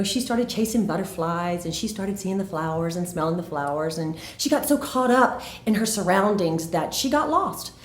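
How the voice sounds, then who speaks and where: A woman's voice: medium pitch, darkish tone. A woman telling a personal faith testimony in an earnest, emphatic way, recorded in an echoey room. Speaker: faith video host.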